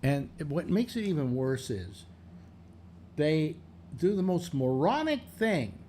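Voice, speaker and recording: An older man hosts a loose panel chat, rambling and sarcastic, restarting his sentences often. His pitch swings widely while his tone stays mellow. A faint hiss sits under the voice. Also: big pitch swings, takes it slowly. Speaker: radio show host.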